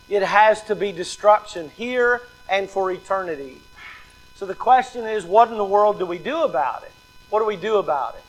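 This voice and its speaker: High-voiced man preaching a sermon. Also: fairly bright tone, poor audio. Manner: emphatic, repeats key lines, acts out quoted excuses. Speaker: pastor.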